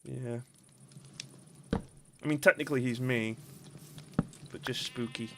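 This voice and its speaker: A man's voice: mid-range voice, fairly even intonation, takes it slowly, vocal fry, noisy background. A young man with a Northern English accent, rambling and giggling through casual live-stream commentary on a game. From northern England. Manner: giggly, rambling, breaks into laughter.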